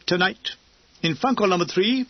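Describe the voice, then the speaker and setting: A man's voice: moderate pace, no room sound, muffled recording. A man doing a sly, scheming bombardier. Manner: sly, salesman-like pitch.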